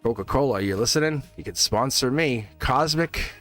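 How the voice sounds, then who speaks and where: A man's voice: mid-range voice, expressive, normal speed, fairly bright tone, soft background music. A man hosting a casual tarot reading livestream from his studio, talking in a rambling, chatty way and laughing often. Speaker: tarot reader and host.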